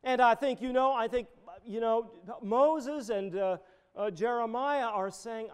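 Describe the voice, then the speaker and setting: High-voiced man preaching a sermon. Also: unhurried, smooth. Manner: conversational, digressive with personal stories. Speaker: pastor.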